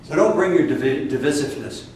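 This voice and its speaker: An older man with a Midwestern accent delivers a fiery sermon, leaning hard on his stresses and now and then bursting out loud. His voice sits a little high, and it is heard from a distance in a very echoey room with faint noise behind it. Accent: Midwestern American. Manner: fiery, emphatic preaching with sudden loud outbursts and drawn-out stresses. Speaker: spiritual teacher.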